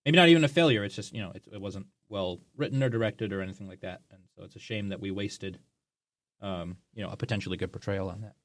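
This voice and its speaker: A man's voice: fairly low pitch, quick pace, no room sound. A man co-hosting a podcast, talking through ideas in a rambling, thoughtful way. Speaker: podcast co-host. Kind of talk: casual chat.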